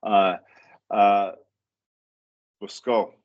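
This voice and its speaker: Man, language student, hesitant, lots of fillers, very slow pace, dull call audio. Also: on the low side, level tone. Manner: hesitant, repeats words while practicing, many fillers. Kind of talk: online one-on-one lesson.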